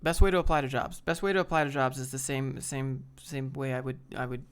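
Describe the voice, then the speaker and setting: A man's voice: medium pitch, fairly even intonation, brisk, clean tone. A man on a live stream, casually reading chat and giving laid-back, rambling career advice. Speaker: streamer answering viewer chat.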